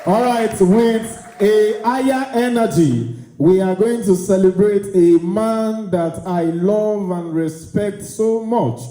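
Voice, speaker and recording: A man's voice: high voice, takes it slowly, few pauses, mellow. A man, working as MC at a conference and firing up the crowd with call-and-response and calls for applause. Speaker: event MC. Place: conference hall. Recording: echoey hall.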